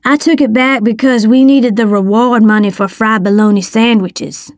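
A woman's voice: on the high side, steady tone, moderate pace, no room sound, studio quality, lightly acted. Woman doing a stammering, nervous young boy. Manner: stammering, pleading.

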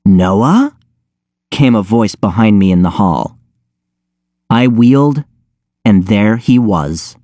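A man narrating an audiobook in the first person with a wry, deadpan delivery. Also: medium pitch, no room sound, studio quality.

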